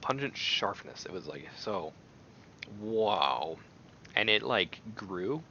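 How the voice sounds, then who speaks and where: A man with a very bright, gravelly, low-pitched voice, talking in a rambling way and breaking into animated exclamations. It sounds like casual on-camera chat. The recording is dull and lo-fi, with a faint hiss under it. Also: slow pace. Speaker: video creator. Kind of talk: casual chat while taste-testing.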